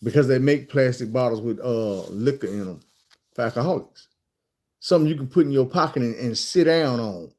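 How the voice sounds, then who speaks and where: Mellow-voiced Southern man telling stories. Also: medium pitch, fairly quick. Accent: Southern American. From Arkansas, USA. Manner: profane, animated, conversational. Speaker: storyteller. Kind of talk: casual storytime monologue.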